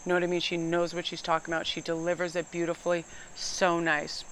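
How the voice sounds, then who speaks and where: A middle-aged woman, giving a casual, animated tarot reading outdoors and sometimes getting loud and emphatic. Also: fairly low pitch, quick pace, a little hiss or hum. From New England. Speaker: tarot reader.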